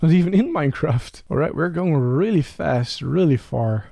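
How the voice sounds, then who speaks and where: A young Let's Play creator gives casual gameplay commentary, chatting away and talking to the creatures on screen with excited, rising questions. His voice is fairly high, at normal speed, with vocal fry.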